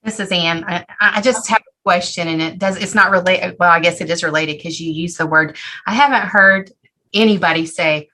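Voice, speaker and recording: Bright-voiced woman asking her teacher a question. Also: lowish voice, normal speed, rough recording. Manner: reflective, hesitant. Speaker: student. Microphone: video call.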